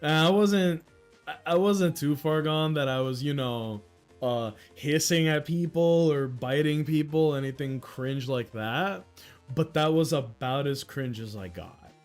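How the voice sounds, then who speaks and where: A man's voice: on the high side, measured pace, faint music behind. A man in his thirties hosting a casual livestream, rambling and mocking himself with frequent laughs. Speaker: livestream host.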